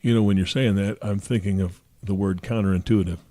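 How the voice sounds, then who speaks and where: A man's voice: lowish voice, fairly even intonation, a little fast, mellow, no echo. A man co-hosting a podcast, reflecting and thinking aloud in casual chat. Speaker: podcast co-host.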